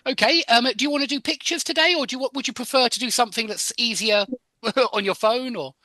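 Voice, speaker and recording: A man's voice: very high voice, quick pace, sharp tone, no echo. A man teaching an English lesson over a video call, correcting and encouraging his students and explaining word stress. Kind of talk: online live English lesson.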